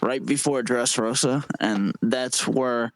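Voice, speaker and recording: A man's voice: medium pitch, steady tone, slow, no echo, rough recording. A man guesting on a casual podcast, rambling and hesitant, repeating words as he thinks aloud. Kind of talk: casual chat.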